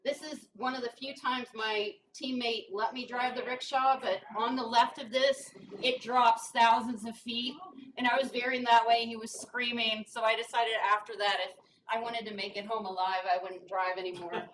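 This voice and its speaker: In an indoor brewery event room, a guest speaker from rural Kentucky jokes with her audience, poking fun at herself through stories. She talks at normal speed in a slightly high, fairly bright voice with a steady tone. The recording comes from a distant mic with faint noise.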